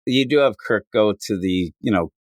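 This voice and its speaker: A man co-hosting a podcast, casually recapping a comic and acting out characters' lines in quick put-on voices. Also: fairly low pitch, dry recording, clean studio sound. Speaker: podcast co-host. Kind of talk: casual comic book chat.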